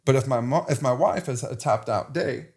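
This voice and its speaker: A man's voice: medium pitch, normal speed, darkish tone. A man in his forties, a podcast guest, talking candidly in a passionate, emphatic way, often restarting his sentences. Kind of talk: candid conversational interview.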